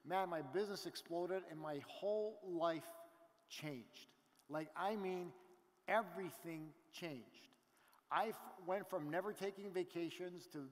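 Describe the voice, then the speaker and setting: Motivational stage speaker, man, middle-aged, lively storyteller, hall reverb. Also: fairly high pitch. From Canada. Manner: animated storytelling with crowd asides. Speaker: business event speaker. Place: large event hall.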